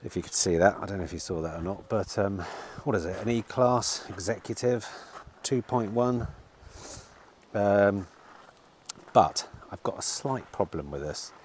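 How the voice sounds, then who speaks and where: Outdoors in bright sun at a car lot, a middle-aged used car dealer chats casually to camera for a vlog, rambling and swearing now and then. His voice is lowish and a little slow, with a little hiss or hum in the audio.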